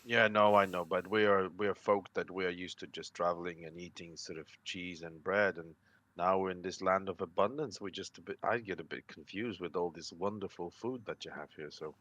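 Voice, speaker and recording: Man doing wandering ranger, very low voice, polite, apologetic, halting, tabletop role-play. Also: fairly even intonation, fairly bright tone, no room sound. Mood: earnest, apologetic. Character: courteous male ranger, a wandering guardian. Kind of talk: in-character role-play over a call.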